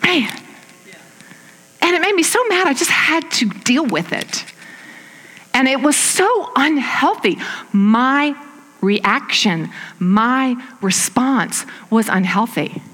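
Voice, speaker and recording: A middle-aged woman preaching in a church, animated and emphatic, laughing at herself now and then. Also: high voice, takes it slowly, long pauses, big-room sound. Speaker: guest speaker. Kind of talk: sermon.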